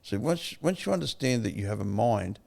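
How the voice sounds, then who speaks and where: An older Australian man with a gravelly edge to his voice tells his story on a podcast. He is blunt and swears freely, and he acts out every exchange with animation. His pitch sits in the middle range. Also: expressive, a little fast, darkish tone. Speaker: podcast guest. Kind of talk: candid interview storytelling.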